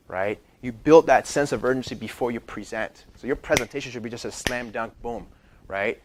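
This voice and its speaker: Man, sales trainer, energetic coaching talk, mid-range voice, keeps saying "right?". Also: mid-range voice, normal speed. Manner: energetic, repeats "right?" often, acts out client quotes.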